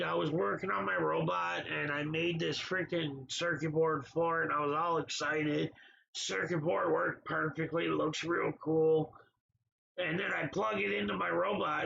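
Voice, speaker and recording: A man's voice: high-pitched, gravelly, bright, forceful tone, muffled recording. A man hosting a casual livestream, talking back to viewers in the chat by name in an exasperated way. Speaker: livestream host.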